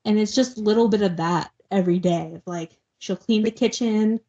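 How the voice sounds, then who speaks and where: A woman's voice: mid-range voice, fairly quick, warm tone. A woman co-hosting a book podcast, casually retelling a novel's plot in a rambling way and filling her speech with "like". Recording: dull lo-fi podcast audio.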